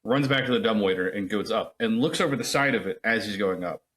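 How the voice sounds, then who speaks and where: Low-voiced man in casual podcast chat. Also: animated, quick pace, a bit bright. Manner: rambling, profane, acts out reactions. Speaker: podcast co-host.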